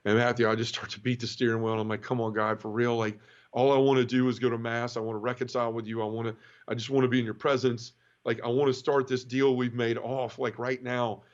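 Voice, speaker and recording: A middle-aged man tells his story of faith in an earnest, heartfelt way. He stumbles and repeats words when emotion catches him. His voice sits at an ordinary pitch and comes through a slightly dull, lo-fi recording. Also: flat delivery, fast talker. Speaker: interview guest. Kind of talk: emotional personal testimony.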